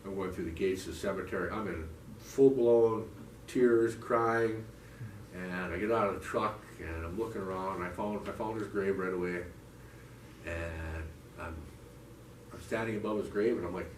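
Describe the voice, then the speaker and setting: A man's voice: low voice, moderate pace. A man giving a heartfelt, rambling personal testimony to a church recovery group, full of restarts and "you know". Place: church meeting room. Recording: echoey room, mic from a distance, faint noise.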